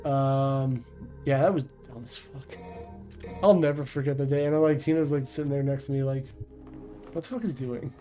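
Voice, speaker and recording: A man's voice: mid-range voice, steady tone, moderate pace, mellow, faint music behind, poor audio. A man chatting casually on a livestream, blunt and profane, rambling with restarts. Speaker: streamer.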